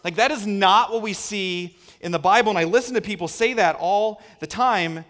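A male pastor preaching a sermon, earnest and full of rhetorical questions, moving between hushed lines and emphatic ones. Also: high voice, moderate pace.

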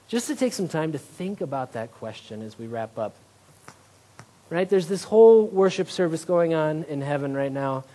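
A man's voice: fairly high pitch, darkish tone. A male pastor preaching a conversational sermon, often checking in with "right?" and joking about himself. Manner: conversational, tag questions like "right?"; self-deprecating humor.

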